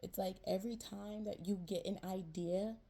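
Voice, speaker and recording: A woman's voice: medium pitch, steady tone, moderate pace, gravelly, mellow. A woman giving a casual tarot reading to her viewers, chatty and slangy, checking in with "right?" again and again. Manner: chatty, repeats "right?" and "you know", slangy "man" and "yo". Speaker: tarot reader. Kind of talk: casual spiritual reading to camera.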